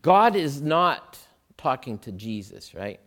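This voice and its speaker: A man's voice: mid-range voice, very animated, takes it slowly, a bit bright. A man preaching a sermon in a conversational way, thinking aloud with fillers and asides. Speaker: pastor.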